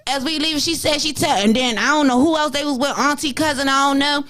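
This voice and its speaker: Animated woman telling stories on a talk show. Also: high voice, fast talker. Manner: animated, acts out voices in her stories. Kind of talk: casual storytelling chat.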